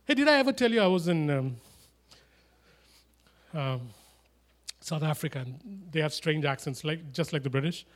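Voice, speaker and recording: A man preaching a sermon, animated and emphatic, with chatty asides and humorous stories. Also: on the high side, normal speed, long pauses. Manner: animated, rising to loud emphatic declarations.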